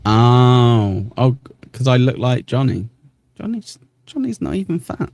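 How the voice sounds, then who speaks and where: A man's voice: medium pitch, big pitch swings, measured pace, gravelly, a little mellow, no room sound. Man, livestream host, casual chatter, laughs often, dry close mic. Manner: chatty, laughing, thanking viewers by name. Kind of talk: casual livestream chat reading comments.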